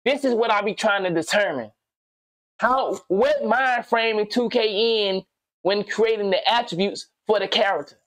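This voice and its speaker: A man's voice: sits high, moderate pace, dry recording. Man, casual reaction commentary, slangy rambling, dry close sound. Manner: slangy, animated, rambling and swearing. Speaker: gaming commentator reacting to a video.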